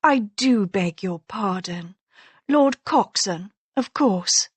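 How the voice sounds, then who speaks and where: A woman voicing a sharp-tongued young noblewoman in an audiobook, with an arch, teasing manner. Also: a little high, measured pace, no echo. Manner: arch, teasing, mock-concerned.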